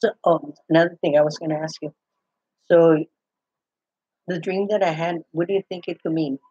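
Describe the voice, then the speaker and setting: Older woman, husky, chatty rambler, dry lo-fi recording. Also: deep voice, flat delivery, normal speed, warm tone, dry recording. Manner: rambling, full of restarts and "I go". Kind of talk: casual chat. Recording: dull, muffled, lo-fi sound.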